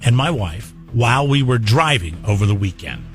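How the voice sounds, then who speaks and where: A man with a mid-range voice hosting a radio morning show and taking callers. He talks in a playful, halting way, restarting his sentences often, with faint music playing behind him. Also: mid-range voice, animated. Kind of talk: casual on-air banter and call-in game. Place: radio studio.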